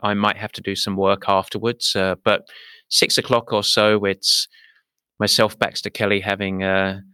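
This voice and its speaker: A man's voice: on the low side, level tone, normal speed, pushed and bright, smooth, dry recording, studio quality. A man with an English accent hosting a podcast, chatting casually and often repeating words as he thinks. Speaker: podcast host. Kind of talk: casual conversational interview.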